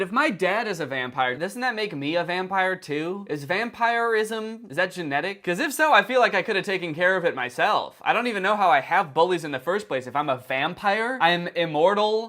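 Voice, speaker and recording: A young man giving sarcastic comedic commentary on online videos with deadpan asides. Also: high voice, brisk, few pauses. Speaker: commentary youtuber.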